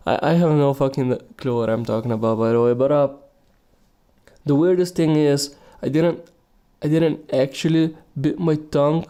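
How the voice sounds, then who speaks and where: A man's voice: a little high, fairly even intonation, unhurried, long pauses, dark tone, clear, resonant tone. A young man hosting a solo podcast, rambling casually with lots of swearing, restarts and laughing at himself. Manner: profane, meandering, laughs at himself. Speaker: podcast host.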